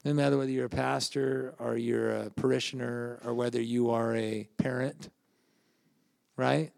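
Older male pastor, gravelly, preaches casually and asks the room questions. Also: mid-range voice, little pitch movement, moderate pace, a little mellow, no echo, clean studio sound. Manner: conversational, anecdotal, asks the audience questions. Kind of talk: sermon.

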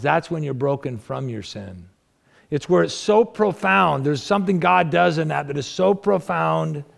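Gravelly-voiced male pastor preaching. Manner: conversational preaching, rhetorical questions to the congregation; swings between emphatic raised passages and low quiet asides. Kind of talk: sermon.

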